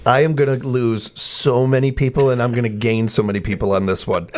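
A man's voice: mid-range voice, steady tone, brisk, darkish tone. A man from the Chicago area hosting a casual chat, reading out survey results, laughing often and restarting his sentences.

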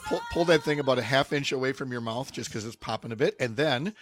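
A man's voice: mid-range voice, fast talker, loud music behind the voice. A man hosting a radio show, chatting casually with frequent fillers and laughing asides.

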